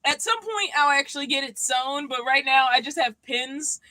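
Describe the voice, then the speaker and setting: A woman's voice: high voice, lively intonation, moderate pace, sharp tone, no room sound, low-quality recording. A worn-out woman chatting casually and loosely on a livestream from inside the box truck she lives in. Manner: easygoing, chatty, loose and unscripted. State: mentally worn out. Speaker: vanlife vlogger hosting a livestream. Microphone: streaming mic, at times leaning away from it.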